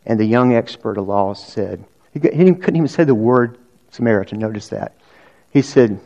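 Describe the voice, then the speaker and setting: A man's voice: medium pitch, expressive, measured pace, dark tone, highs cut off. A male pastor preaching a sermon in a conversational way, with restarts and rhetorical questions.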